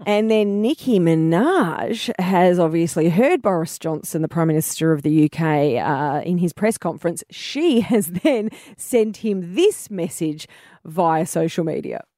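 A woman hosting a radio show, chatty and quick to laugh. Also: on the low side, lively intonation, dark tone, no room sound, clean studio sound. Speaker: radio host. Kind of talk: breakfast radio banter. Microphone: studio microphone.

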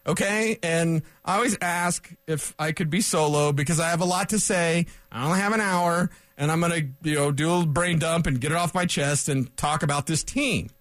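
A man hosting a solo sports talk radio show in a studio, fired up and loud, rambling with sarcastic asides. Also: on the high side, fairly quick, hardly any pauses, dry recording.

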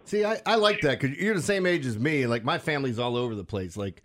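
Animated Baltimore sports radio host. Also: male voice, medium pitch. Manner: animated, laughs often, quick restarts. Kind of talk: casual sports radio chat.

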